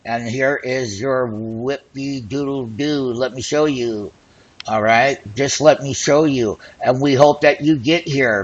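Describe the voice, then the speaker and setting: A man hosting an options trading show, talking excitedly and boastfully as he walks through call and put charts. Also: medium pitch, takes it slowly, dull audio. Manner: excited, boastful, hype-driven patter. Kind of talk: screen-share trading commentary.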